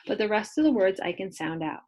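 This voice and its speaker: Kindergarten teacher sounding out letters slowly. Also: female voice, medium pitch, lively intonation, a little mellow. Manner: slow, exaggerated sounding-out of letters. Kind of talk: remote phonics lesson for young children.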